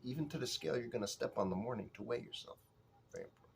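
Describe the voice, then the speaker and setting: A man's voice: mid-range voice, lively intonation, racing, gravelly, noisy background. A man voicing a pompous, condescending male coffee snob who lectures and sometimes drops to a whisper, in a comedic parody.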